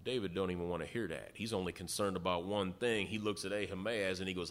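A man's voice: deep voice, fairly even intonation, fast talker, few pauses, fairly bright tone. A man preaching a sermon, retelling a story in a folksy way and acting out the quotes. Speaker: pastor.

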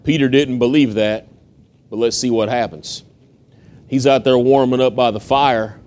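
A man's voice: mid-range voice, steady tone, moderate pace, darkish tone. A man from the United States preaching, retelling a story in a folksy, conversational way with acted-out quotes. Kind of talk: storytelling sermon.

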